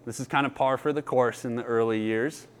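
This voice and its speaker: A man's voice: medium pitch, brisk, clear, resonant tone. A man in his thirties preaching a sermon, earnest and telling personal stories with laughter. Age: 30s. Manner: earnest, storytelling, lively with laughter. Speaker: pastor.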